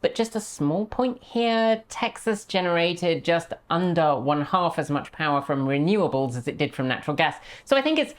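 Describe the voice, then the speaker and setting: A woman's voice: on the low side, expressive, normal speed, few pauses. A woman hosting a commentary video, talking in a sarcastic, dryly mocking way. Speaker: host.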